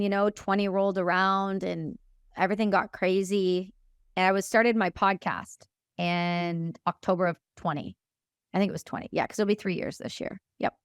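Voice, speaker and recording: A woman in her thirties from Canada, a military veteran telling her story frankly and with emotion in an interview, quoting others in quick dialogue. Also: mid-range voice, clean tone, dry recording, clean studio sound. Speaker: podcast guest, military veteran.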